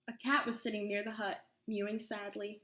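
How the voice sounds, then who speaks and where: A woman's voice: medium pitch, little pitch movement, moderate pace, sharp tone. Woman reading a storybook aloud, echoey. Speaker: storyteller reading a children's book. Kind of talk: read-aloud story narration.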